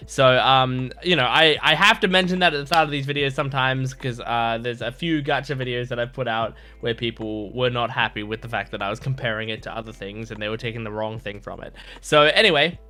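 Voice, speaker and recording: A man's voice: medium pitch, brisk, bright, forceful tone. A man hosting a reaction video in casual chat, rambling and chatty with frequent restarts.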